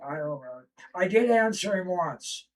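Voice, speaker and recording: A man's voice: sits high, animated, measured pace, distant mic, low-quality recording. A man chatting casually on a livestream, backing up the host in a loose, drawling way. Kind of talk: livestream chat. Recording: voice from off-mic.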